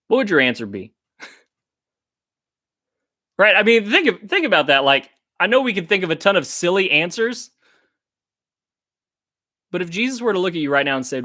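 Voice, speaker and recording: This man's voice is a little high, expressive, fairly quick, pushed and bright. As a youth pastor teaching teens a Bible story, he's earnest, speaks straight to them, and drives points home by repeating phrases.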